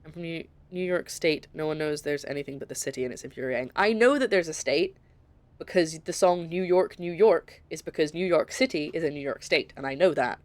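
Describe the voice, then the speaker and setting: In a low voice and at a brisk pace, a young woman with a light Scottish accent gives casual, rambling gameplay commentary as she streams and responds to chat. She is from Scotland, and the recording is dry.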